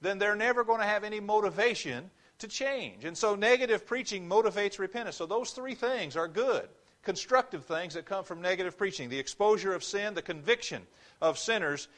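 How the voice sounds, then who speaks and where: A man's voice: sits high, animated, brisk, fairly bright tone. A man preaching a sermon in church, earnest and emphatic, driving points home with repeated phrases.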